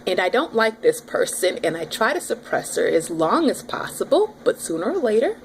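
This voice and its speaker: A pregnant woman in her thirties telling her audience a story in a casual, animated vlog. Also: medium pitch, normal speed, slight background noise. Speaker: vlogger.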